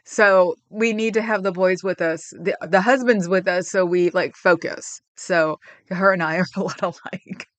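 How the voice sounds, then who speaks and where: A woman's voice: fairly low pitch, steady tone, moderate pace, hardly any pauses, no echo. A woman hosting a livestream, chatting casually and rambling with viewers, getting emotional about her pets. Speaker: livestream host.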